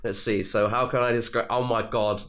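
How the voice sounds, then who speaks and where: A man with a middle-pitched voice trades jokes with his co-host on a relaxed podcast. He teases in a playful way and tosses in quick asides. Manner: jokey, playful, teasing. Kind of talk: casual chat.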